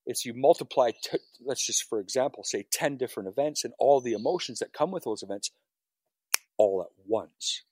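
A man's voice: medium pitch, animated, normal speed, darkish tone, slightly rough, no room sound. A firefighter being interviewed, telling his story in a raw, emotional way with frequent swearing. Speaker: firefighter guest. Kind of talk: personal story on a podcast.

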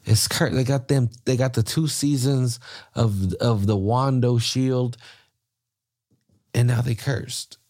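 A man hosting a soccer podcast, ranting in a casual, profane, rambling way, often jumping in pitch. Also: slow pace, pauses often. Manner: rambling, profane, animated rants with pitch jumps.

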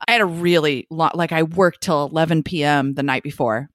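A woman with a slightly low voice co-hosts a podcast, telling stories in casual chat. She talks candidly and frankly, with a close, dry sound. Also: a little fast, no room sound. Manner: candid, laughing, frank storytelling. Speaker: podcast co-host.

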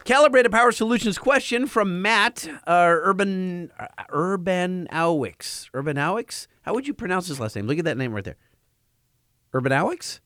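A man's voice: high voice, expressive, fairly quick, few pauses, pushed and bright, no room sound, clean studio sound. A man co-hosting a casual car podcast, reading listener questions in an easygoing way. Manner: easygoing, stumbles over names. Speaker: podcast co-host.

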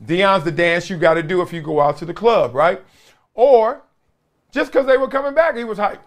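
A man's voice: sits high, lively intonation, normal speed. A man from Compton hosting his own show, talking in a casual, joking monologue and laughing often. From Compton, Los Angeles. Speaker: show host.

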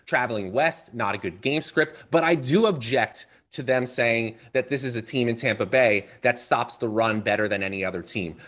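A man from Virginia co-hosts a fantasy football show, with a voice that swings widely up and down as he argues. His pitch sits in a middle range, and he builds his case with stats and emphatic lists. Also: fairly bright tone. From Virginia, USA. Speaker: co-host. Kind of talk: fantasy football analysis chat.

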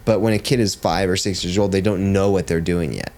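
A man's voice: sits low, fairly even intonation, fairly quick, a little mellow. A man in his thirties, a jiu-jitsu coach and father, telling stories in casual podcast chat, blunt and swearing freely. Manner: blunt, swears freely, says "dude" often.

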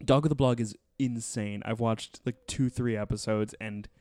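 Male podcast host, mid-pitched, smooth clean voice, dry close sound, rambling with fillers. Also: steady tone, normal speed, a little mellow, no echo. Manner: rambling, many fillers and restarts. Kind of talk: casual podcast chat reviewing a TV show.

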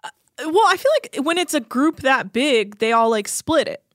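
A woman's voice: high-pitched, animated, normal speed, fairly bright tone, dry recording, studio quality. A young adult woman co-hosting a podcast, recapping a reality show in a chatty, sarcastic way with lots of fillers. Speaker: podcast co-host.

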